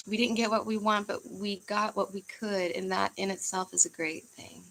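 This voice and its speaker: A woman's voice: mid-range voice, gravelly, bright, forceful tone, slight background noise, rough recording. A young woman from the United States chatting casually on a livestream, rambling with fillers and easy laughs. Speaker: livestream host.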